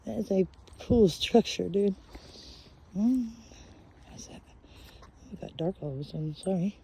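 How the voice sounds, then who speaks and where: A woman filming a casual vlog on a handheld phone as she walks through a forest, speaking softly and often slipping into a whisper. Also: mid-range voice, expressive, measured pace, creaky, slight background noise. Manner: soft-spoken, often whispering. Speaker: vlogger. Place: outdoors in a forest.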